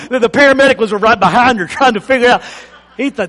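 A man preaching a sermon, animated and repeating phrases for emphasis. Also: extremely high pitch, normal speed, long reverb tail. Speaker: pastor.

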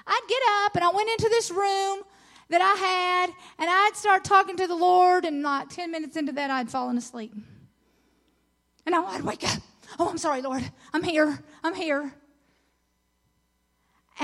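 A middle-aged woman preaching at a women's conference, earnest and encouraging, swelling into excited emphasis when she reads scripture. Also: sits high. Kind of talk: sermon.

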